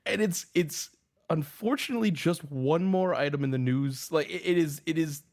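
A man's voice: on the high side, moderate pace, darkish tone. A man co-hosting a talk radio show, chatting casually and poking fun at himself. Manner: conversational, self-deprecating. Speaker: radio co-host.

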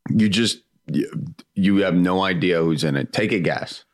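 A man's voice: low-pitched, moderate pace. A man co-hosting a casual chat, curious and full of questions. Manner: curious, asks many questions.

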